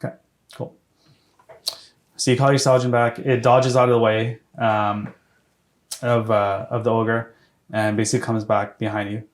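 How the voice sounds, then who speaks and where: A man runs a tabletop game session, his voice worn and going hoarse. He talks in a halting way, full of restarts and fillers, at an ordinary pitch. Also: flat delivery. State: losing his voice, clearing his throat. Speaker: game master.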